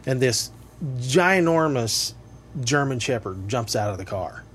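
A man's voice: mid-range voice, lively intonation, unhurried, fairly bright tone, slight background noise. A man, an appraiser guesting on a podcast, telling a funny story in casual chat and laughing through it. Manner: laughs often, tells stories with strong bursts.

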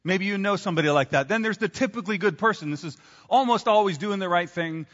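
A man preaching a sermon with a bright, forceful voice set a little high for a man. His animated, conversational delivery carries through a church hall with a long reverb, and the sound is slightly dull. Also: fast talker. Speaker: pastor.

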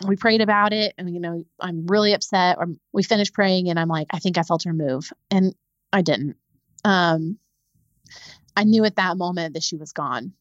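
Young woman, lowish voice, halting grief story, dry muffled podcast sound. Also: dry recording. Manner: halting, repeats words when upset. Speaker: podcast guest. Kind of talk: emotional personal storytelling.

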